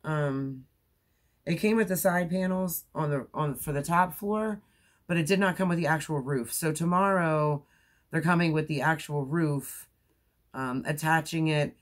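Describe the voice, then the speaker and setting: A woman's voice: low voice, measured pace. Chatty tired woman in her forties. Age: 40s. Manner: rambling, chatty, laughs often, many fillers. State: tired from staying up all night. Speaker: crochet vlogger. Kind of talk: casual chat.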